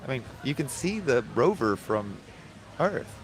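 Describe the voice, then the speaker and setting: A man's voice: medium pitch, very animated, unhurried. A man hosting a casual podcast chat, rambling through questions and jokes. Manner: rambling, tells jokes with put-on voices. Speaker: podcast host asking questions.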